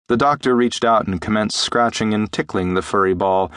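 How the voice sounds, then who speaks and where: A man narrating a science fiction audiobook in a steady, measured way. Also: on the low side, smooth, no echo, clean studio sound. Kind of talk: scripted narration. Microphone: close studio mic.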